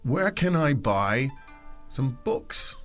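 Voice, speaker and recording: Man hosting a language lesson podcast, explanatory, hesitant, mid-pitched voice. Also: big pitch swings, slow, a bit bright, faint music behind. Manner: explanatory, hesitant with fillers and restarts.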